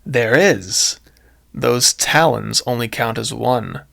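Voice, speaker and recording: A man voicing a smug male villain who gloats over the heroes in a lowered, drawn-out voice. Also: creaky, fairly bright tone, full character voice. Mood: gloating.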